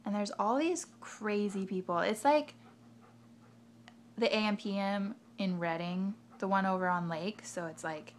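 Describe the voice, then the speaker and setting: A woman's voice: lowish voice, gravelly, slight background noise. A young adult woman vlogger telling a rambling story in a casual way, full of fillers and asides.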